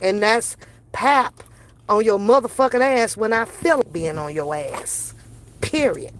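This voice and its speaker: A woman's voice: on the high side, animated, measured pace, slight background noise. A woman streamer, ranting to her viewers in brash, mocking, profane commentary. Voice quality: brash, sassy, swearing heavily. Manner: confrontational, mocking, laughs between jabs.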